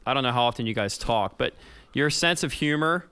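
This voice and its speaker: A man's voice: medium pitch, lively intonation, fairly quick, pushed and bright, smooth, no echo. A man hosting a podcast interview, earnest and encouraging as he asks his guest questions. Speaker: podcast host. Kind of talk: casual interview.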